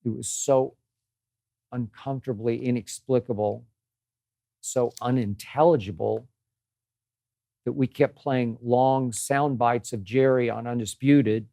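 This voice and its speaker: A man's voice: medium pitch, steady tone, a little slow, gravelly, long pauses, dark tone, no echo, clean studio sound. An older man hosting his own sports show, delivering an emphatic, exasperated opinion monologue and repeating phrases for effect. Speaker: host.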